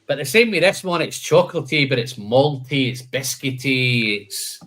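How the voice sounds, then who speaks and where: A man's voice: mid-range voice, lively intonation, normal speed, fairly bright tone. A man hosting a live whisky tasting, listing flavour notes and chatting casually, calling people "man" and "mate".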